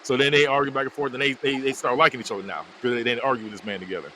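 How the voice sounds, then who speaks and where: A man casually recapping a movie for his podcast, telling it as an animated story. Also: medium pitch, racing, slight background noise, low-quality recording. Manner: animated storytelling, frequently laughing. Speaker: podcast host.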